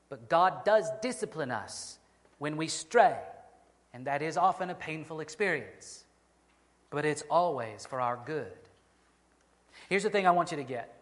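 Earnest pastor guy preaching, leans hard on key words, voice a bit high. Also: a bit bright, big-room sound. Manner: earnest, slows down to stress key phrases. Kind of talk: sermon.

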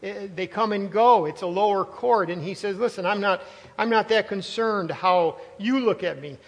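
A high-pitched man delivers a sermon as pastor, speaking in an emphatic, conversational way that doubles back on phrases for stress. His voice carries a long reverb tail, as if recorded in a church sanctuary. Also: normal speed, highs cut off. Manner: emphatic, conversational preaching with asides and repeated phrases.

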